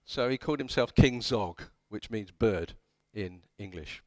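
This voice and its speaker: A man's voice: lowish voice, a little slow, no echo. A man giving a conference talk, telling history as wry anecdotes and acting out the quoted dialogue. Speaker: conference speaker. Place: conference hall.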